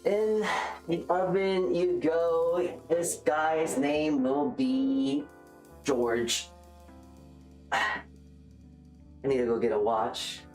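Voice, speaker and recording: A woman's voice: low voice, expressive, very slow, pauses often, a little mellow, faint music behind. A woman streamer chatting casually and rambling, joking at her own expense while reacting to chat. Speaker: livestreamer. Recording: roomy echo.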